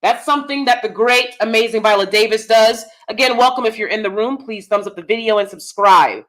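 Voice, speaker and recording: A woman's voice: fairly high pitch, brisk, fairly bright tone. A woman hosting a commentary vlog, who speaks emphatically and often asks her viewers questions directly. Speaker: channel host; theater actor.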